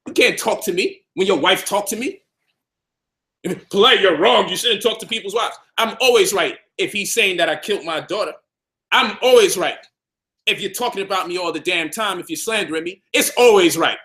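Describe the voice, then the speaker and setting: A man's voice: high voice, normal speed, sharp tone. A man from Brooklyn, delivering an emphatic, combative monologue to camera about health and his community, repeating points for stress. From Brownsville, Brooklyn, New York. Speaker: health and conscious-community speaker.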